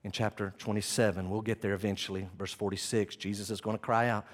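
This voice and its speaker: A man preaching a sermon as pastor, swinging from loud impassioned passages to soft hushed ones, with self-deprecating asides as he reads from his notes. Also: on the low side, steady tone, quick pace, hardly any pauses.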